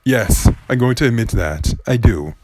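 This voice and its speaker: A man's voice: medium pitch, animated, normal speed. A man rambling through a mobile racing game commentary, jokey and prone to wild laughs, talking into the phone he plays on. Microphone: phone mic, device the game is played on. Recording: loud racing game engine noise behind.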